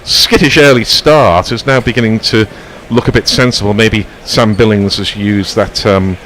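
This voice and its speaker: A man's voice: on the low side, steady tone, normal speed, fairly bright tone, slight background noise. A man giving ball-by-ball cricket commentary with rambling, whimsical asides.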